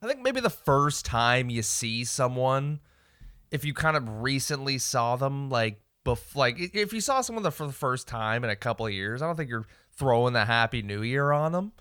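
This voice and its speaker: A man's voice: medium pitch, sing-song, normal speed, fairly bright tone, clean tone, dry recording, studio quality. A man co-hosting a casual sports podcast, laid-back and blunt in a chatty way. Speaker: podcast co-host.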